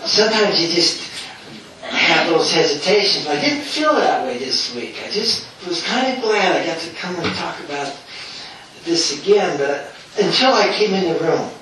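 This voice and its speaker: A man's voice: on the high side, a bit bright, slight background noise. A man giving an anecdotal talk to an audience as an author, telling stories in a chatty way with frequent chuckles and fillers. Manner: chatty storyteller, chuckles often, many fillers. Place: meeting room with an audience. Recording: echoey room from far off.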